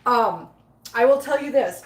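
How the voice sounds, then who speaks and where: A woman's voice: on the high side, expressive, unhurried. A woman chatting casually with her live viewers while cleaning litter boxes at home, laughing often and talking to her cats. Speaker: cat vlogger reading live chat. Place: home with many cats, litter box area. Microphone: phone set up nearby. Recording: echoey room.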